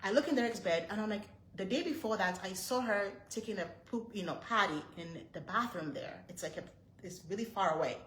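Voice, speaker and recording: A woman's voice: medium pitch, brisk, a bit bright, echoey room, slight background noise, rough recording. A woman in her thirties, a mother vlogging to her viewers, retelling a frightening moment in a tense, breathless way with lots of repeated phrases. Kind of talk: storytelling to camera.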